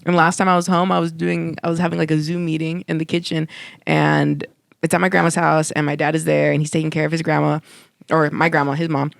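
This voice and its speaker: Young woman podcast co-host, lively laughing storyteller, slightly gravelly, dry studio sound. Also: deep voice, fast, no room sound. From California. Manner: animated storyteller, laughs often. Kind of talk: casual chat.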